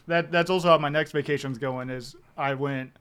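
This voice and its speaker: Smooth-voiced man telling stories. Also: a little high, fairly even intonation, normal speed, fairly bright tone. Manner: laid-back anecdotal storyteller. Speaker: guest. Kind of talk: casual chat.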